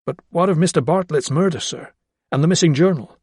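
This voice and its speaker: A man's voice: a little high, fairly quick, a little mellow, husky, no room sound, studio quality, voice pushed up. A man voicing an earnest young male doctor who questions politely but insistently, in an audiobook.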